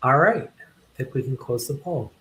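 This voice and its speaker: A man moderating a webinar at a mid pitch, reading poll questions aloud. He speaks slowly and plays with his inflection. A faint hum of noise sits behind him. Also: expressive, fairly bright tone.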